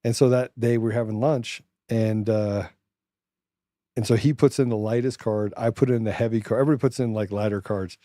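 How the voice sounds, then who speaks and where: A man co-hosting a casual talk show, with a mellow, warm tone, recorded dry and close. He rambles through jokey anecdotes and likes to put on silly accents. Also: lowish voice, steady tone, a little fast, no room sound. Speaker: co-host. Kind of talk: casual political chat.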